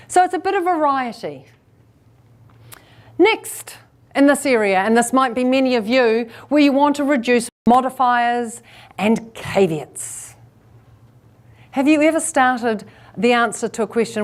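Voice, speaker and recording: A woman with a somewhat high voice delivers a keynote on public speaking to a live audience in a room. She talks in a lively way and slips into quick asides that play out what listeners are thinking. She slows down and pauses on purpose to make her points land. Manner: uses deliberate pauses and shifts in pace for effect.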